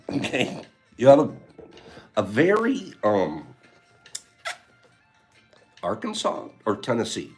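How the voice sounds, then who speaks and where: A man's voice: mid-range voice, huge pitch swings, slow, pauses often, darkish tone, soft background music. Rambling, teasing livestream host man. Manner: rambling, teasing, laughs often. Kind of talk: casual chat reading viewer comments.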